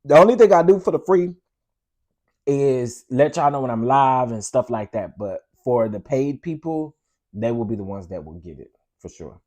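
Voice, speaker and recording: A man hosts a casual live stream. He speaks in an ordinary mid-range voice, animated and a little preachy. He keeps addressing his viewers as y'all. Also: medium pitch, normal speed. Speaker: host.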